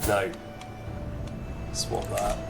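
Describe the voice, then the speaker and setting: A man's voice: fairly low pitch, level tone, drawn-out words, gravelly, loud music behind the voice. A man streaming a strategy game, chatting casually and reacting in short bursts to chat and menus. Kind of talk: casual gameplay commentary.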